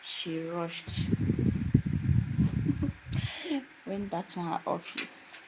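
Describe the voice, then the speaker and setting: Drawing out her words, this young adult woman speaks in a fairly low, expressive voice as she shares a personal story on a livestream. Her style is casual and emphatic, with phrases repeated for emphasis, over loud background noise with clicks.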